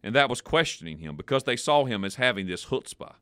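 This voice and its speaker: A man co-hosting a devotional podcast, explaining Bible verses in a conversational, animated way. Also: fast, clear, resonant tone, no room sound, studio quality. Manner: animated, playful, jumps in pitch for emphasis.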